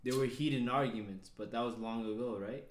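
Man asking halting questions. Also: mid-range voice. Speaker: podcast co-host. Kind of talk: casual chat. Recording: echoey room.

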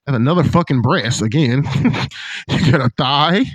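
A man in casual chat with a friend, an animated, profane storyteller who acts out what others said. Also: medium pitch, measured pace, dry recording. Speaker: podcast co-host.

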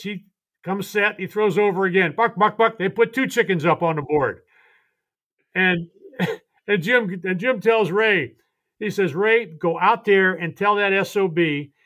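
An older man, a retired baseball coach, telling animated stories and acting out the voices of the people in them on a podcast. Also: high-pitched. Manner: animated, laughing storyteller who acts out voices. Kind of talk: storytelling on a podcast.

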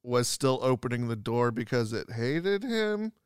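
A man's voice: medium pitch, big pitch swings, measured pace, clean tone, no echo, clean studio sound. A man co-hosting a podcast who chats casually about films, acting out quotes in silly voices and laughing often. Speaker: podcast co-host. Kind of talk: casual movie chat.

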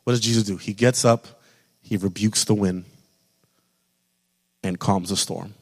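Impassioned preacher in an echoing hall. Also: male voice, fairly low pitch, fairly even intonation, measured pace. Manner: impassioned, rising to loud peaks then dropping soft. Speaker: pastor. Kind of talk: sermon. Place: church sanctuary. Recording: long reverb of a large hall.

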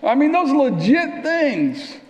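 A man preaching a sermon in a church, conversational and animated, sometimes dropping to a near whisper. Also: very high-pitched, takes it slowly, lo-fi sound. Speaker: pastor. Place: church sanctuary. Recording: long reverb of a church hall.

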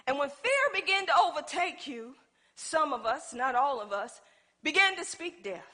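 A woman's voice: high voice, animated, moderate pace, pushed and bright. A woman preaching a sermon, calling on the congregation to respond, folksy and emphatic.

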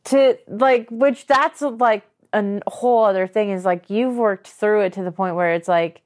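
A woman's voice: mid-range voice, normal speed. A woman co-hosting a casual podcast chat, supportive and affirming toward her friend. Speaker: podcast co-host.

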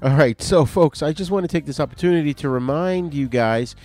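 A man's voice: a little high, a little fast, darkish tone. A man hosting a podcast, chatty and upbeat as he gives a casual intro with promotions. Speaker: podcast host.

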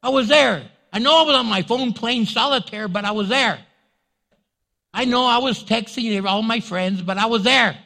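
A man's voice: a little high, big pitch swings, moderate pace, vocal fry, hardly any pauses. A man doing an indignant whiny churchgoer. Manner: loud, indignant whine. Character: defensive churchgoer insisting he attended.

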